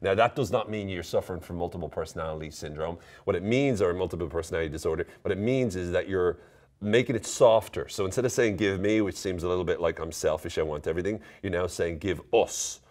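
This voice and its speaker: This is an Irish man with a deep, low-set voice, giving a casual to-camera explainer of everyday Irish expressions. He keeps it light and teasing, breaking into laughter at his own jokes. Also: fast talker, darkish tone. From Ireland. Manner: playful, jokey, laughs at himself. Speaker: presenter explaining Irish slang.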